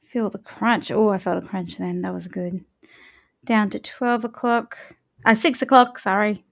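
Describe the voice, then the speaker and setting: A woman vocal coach leading a morning warm-up, chatty and encouraging as she talks the listener through each step. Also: medium pitch, steady tone, unhurried, gravelly.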